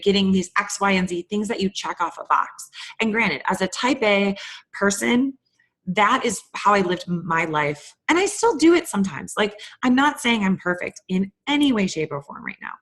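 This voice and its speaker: A young adult woman hosting a candid, conversational self-help talk. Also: medium pitch. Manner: candid, conversational, animated retellings. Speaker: host.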